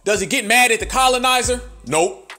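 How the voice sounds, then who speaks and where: A man's voice: very high voice, normal speed, bright, forceful tone. A man hosting a podcast in a fiery, preachy monologue, full of rhetorical questions and profane slang. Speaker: podcast host.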